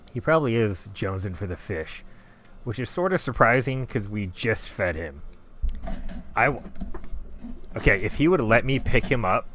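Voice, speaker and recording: A man's voice: fairly low pitch, fairly bright tone. A man chatting casually and rambling while he paints live, now and then cooing at his cat. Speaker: digital artist streaming.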